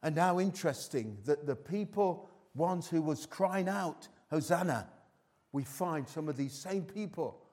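A man's voice: a little high, unhurried, hardly any pauses, a little mellow. A middle-aged man preaching a live sermon in a church, who teases his congregation and asks many rhetorical questions. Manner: chatty, teasing the congregation between points. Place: church hall before a congregation.

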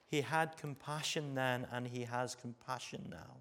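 A medium-pitched man with an English accent preaches a sermon as pastor in a steady, unhurried voice. He swings between loud, emphatic passages and soft, intimate ones, often putting rhetorical questions to the congregation.

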